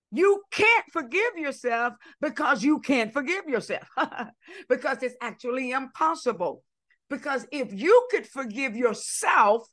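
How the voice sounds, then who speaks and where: Impassioned woman preaching a sermon. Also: high-pitched. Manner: impassioned, shouts and drops to hushed asides.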